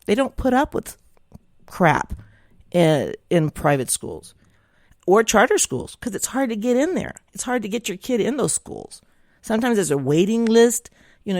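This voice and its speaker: A woman's voice: lowish voice, a little mellow, dry recording, studio quality. A middle-aged woman from the South, talking casually and bluntly in a rambling monologue. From Southern United States. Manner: opinionated, chatty, rambling with restarts. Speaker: vlogger.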